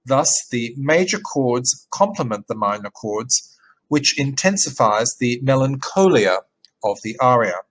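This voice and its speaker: A man's voice: mid-range voice, expressive, unhurried, poor audio. Man reading a music essay. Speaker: music teacher. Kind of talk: read-aloud academic narration.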